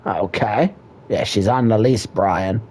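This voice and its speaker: A man's voice: on the low side, slow, a little mellow. A man playing a mock marriage counselor in crude improvised comedy, drawling in a mock-serious way.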